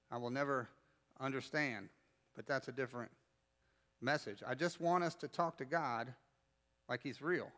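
A man, preaching a sermon in a conversational, joking way with bursts of loud emphasis. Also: fairly high pitch. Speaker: pastor.

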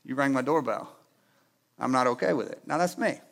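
A man, preaching a sermon in a church sanctuary, animated and rising to emphatic outbursts. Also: mid-range voice, a little fast, gravelly. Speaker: pastor. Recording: long hall reverb.

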